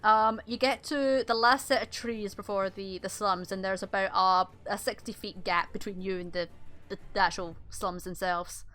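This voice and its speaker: A woman's voice: mid-range voice, steady tone, normal speed, a bit bright. A woman narrating as game master in a casual, rambling way with many fillers.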